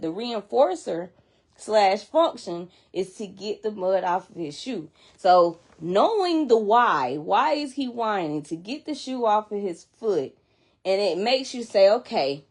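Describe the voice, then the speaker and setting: A woman casually explaining to viewers why children act out, talking chattily and emphatically and checking in with her listeners as she goes. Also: medium pitch. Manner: chatty and emphatic, repeats and restarts while explaining; addresses listeners directly, checking in with "okay?" and "you know what I'm saying?". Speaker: child behavior educator.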